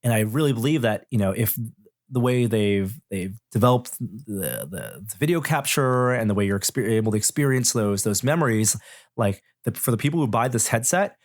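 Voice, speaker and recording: A man's voice: mid-range voice, lively intonation, moderate pace, no echo, clean studio sound. A middle-aged man, a tech journalist guesting on a podcast, talking thoughtfully and rambling with many restarts. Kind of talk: casual podcast chat.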